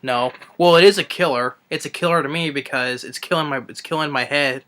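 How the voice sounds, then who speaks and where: Young man, movie rant, exasperated, stumbling restarts, bright forceful voice. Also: on the high side. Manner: exasperated, halting, many restarts. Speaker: movie reviewer. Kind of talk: ranting movie review.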